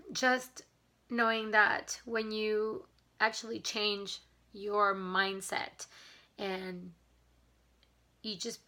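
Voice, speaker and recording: A woman's voice: medium pitch, pushed and bright. A woman vlogging in a casual, earnest chat to camera, grateful and a little emotional as she talks. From not from Canada. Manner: enthusiastic about mindset and gratitude.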